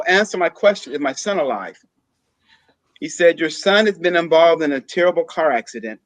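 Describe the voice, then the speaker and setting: High-voiced man telling a story haltingly. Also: a bit bright, dry recording, poor audio. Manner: halting, with frequent pauses and fillers. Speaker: guest sharing a personal story. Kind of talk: personal storytelling.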